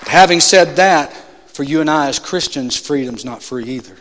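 A male pastor preaching a sermon, emphatic, swinging between loud declarations and quiet asides. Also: a little high, a little fast, big-room sound. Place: church sanctuary.

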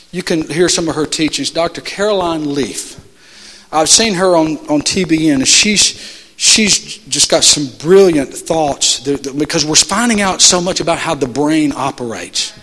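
A man preaching a sermon as pastor, pleading with his church in rising shouts, then dropping to soft, intimate asides. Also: a little high, measured pace. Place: church sanctuary. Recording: long hall reverb.

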